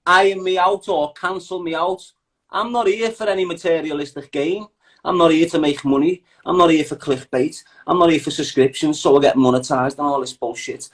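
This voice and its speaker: A man with a strong Liverpool accent talks in a heated, unfiltered way, swearing freely and mocking the people he names. His voice sits a little higher than most men's, and he keeps the pace up as he drives his points home. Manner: blunt, profane, mocking. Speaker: interview guest. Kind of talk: heated casual chat.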